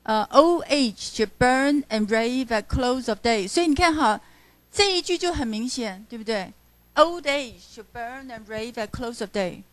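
Her voice is fairly high and a little slow, with no echo. In a university classroom, this literature professor lectures on poetry in a mix of English and Mandarin, reading lines aloud to bring out their stresses and checking on her students.

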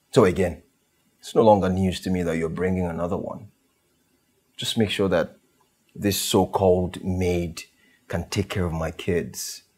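A man's voice: low-pitched, slightly rough. An actor playing an arrogant, scornful husband and father with a Nigerian accent, mocking and contemptuous.

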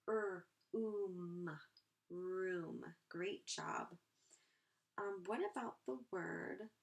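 A woman teaching a first grade phonics lesson online, encouraging and clearly sounding out each word for young children. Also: fairly low pitch.

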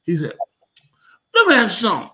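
A man's voice: sits high, huge pitch swings, brisk, sharp tone, a little hiss or hum. A man telling a rambling, slangy comic story to a live audience. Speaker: comedy show host.

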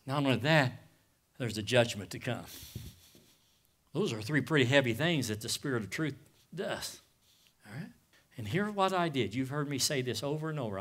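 A middle-aged man preaching a sermon, moving between hushed, nearly whispered testimony and loud impassioned passages, calling out to the congregation with "Amen?" and "guys.". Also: mid-range voice. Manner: addresses listeners as "guys" with call-outs of "Amen?". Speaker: pastor.

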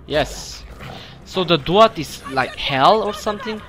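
A man's voice: on the high side, animated, slow, background noise. A man doing let's play commentary, taunting enemies and talking to himself as he plays. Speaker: gamer, let's play host. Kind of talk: gameplay commentary.

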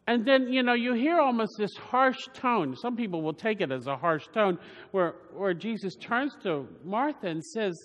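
A man's voice: high-pitched, lively intonation, moderate pace, a bit bright. A man giving a homily as a preacher, rambling with frequent restarts and asides. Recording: long church reverb.

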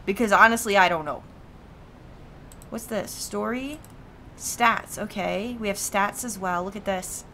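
A woman's voice: medium pitch, unhurried, long pauses, sharp tone, slight background noise. A woman streaming a game, chatting casually and reading the characters' lines aloud, swearing freely and laughing often. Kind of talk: casual let's-play commentary, voicing game dialogue.

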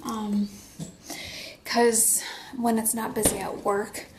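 A young woman vlogging at home in casual chat, out of breath and talking in a breathy half-whisper. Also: on the high side, flat delivery, slow, background noise. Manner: rambling, chatty.

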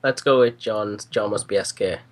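A man's voice: fairly low pitch, normal speed. A man with a British accent, playing a game with friends over voice chat, joking and laughing often. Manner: giggly, joking. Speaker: game player. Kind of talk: casual voice chat while gaming.

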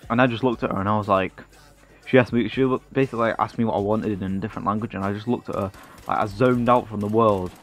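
A man's voice: lowish voice, steady tone, quick pace. A man, telling a rambling comic story full of swearing and self-mockery.

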